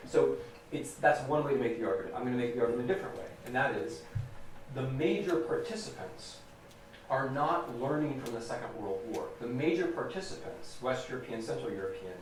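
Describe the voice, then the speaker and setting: A man's voice: medium pitch, slight background noise. A man with an American accent giving a public lecture, emphatic and repeating key phrases for stress. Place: large lecture hall. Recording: echoey hall recorded from a distance.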